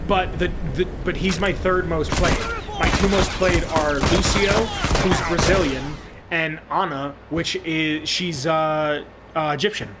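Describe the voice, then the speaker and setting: A young man streaming a game, chatting casually and rambling with plenty of swearing and restarts. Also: fairly high pitch. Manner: rambling, profane, thinks aloud with restarts. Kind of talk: casual live-stream chat while gaming. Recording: clear background noise.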